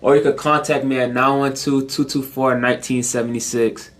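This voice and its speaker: Casting: teenage male guest, mid-pitch voice, polite, clipped answers. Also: level tone, fairly quick. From Savannah, Georgia. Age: teens. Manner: polite, short answers, "yes, ma'am". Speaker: guest, young business owner.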